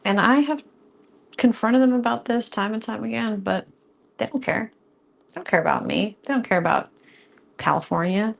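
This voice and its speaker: Give me a gravelly, chatty young woman streaming while she cooks. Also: medium pitch, highs cut off. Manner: chatty and playful, jokes with chat, quickens when flustered. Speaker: streamer cooking live. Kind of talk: casual live-stream chat while cooking. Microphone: close studio mic.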